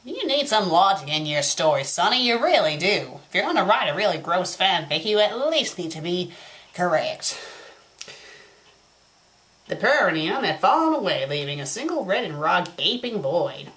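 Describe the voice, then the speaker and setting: A woman's voice: fairly low pitch, sing-song, normal speed, a bit bright. A woman hosting a review show, reading a story aloud in a put-on Southern US drawl and breaking off for mocking, exasperated asides. She sounds a little tipsy. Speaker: fanfiction critic host.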